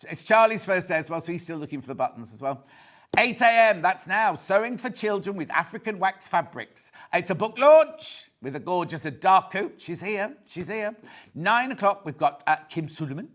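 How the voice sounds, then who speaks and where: A man's voice: high voice, lively intonation, normal speed, fairly bright tone. A man hosting a live TV shopping show. He is chatty, camp and jokey, and reads out viewer messages as he talks. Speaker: shopping channel presenter.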